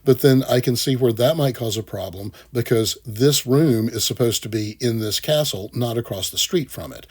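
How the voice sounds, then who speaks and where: A man narrating a theme park video essay in a blunt, sarcastic, animated way. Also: lowish voice, slightly rough.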